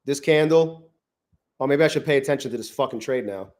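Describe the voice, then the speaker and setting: A man streaming his futures trades live from his garage, thinking aloud and swearing often, swinging from flat muttering to loud gloating. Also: medium pitch, a little fast. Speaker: trading livestreamer. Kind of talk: live trading stream commentary. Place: home garage.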